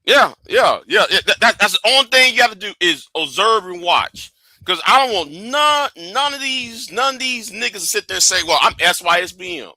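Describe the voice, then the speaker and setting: A man's voice: high-pitched, lively intonation, normal speed, bright, forceful tone, no room sound, rough recording. A man hosting a casual livestream, talking in a stop-start way and repeating words and catchphrases. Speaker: livestream host.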